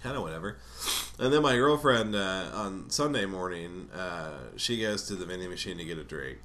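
A man's voice: deep voice, animated, moderate pace, a bit bright. A man casually telling a rambling personal story, swearing often and laughing between lines.

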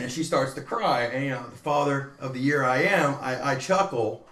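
Man, casual storyteller, lively quoting, mid pitch, echoey room. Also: moderate pace, slight background noise. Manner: animated, acts out quotes in changing voices. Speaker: podcast co-host.

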